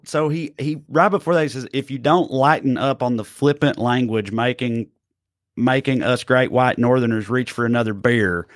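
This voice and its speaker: Laid-back male host, mid-pitched voice, dry close recording. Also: no room sound. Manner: easygoing, profane, joking. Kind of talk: casual comedic news chat.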